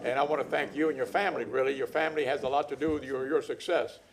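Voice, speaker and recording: An older man, a council member, gives measured, folksy tribute remarks in a council chamber, with some dry teasing humor. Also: medium pitch, steady tone, a little hiss or hum.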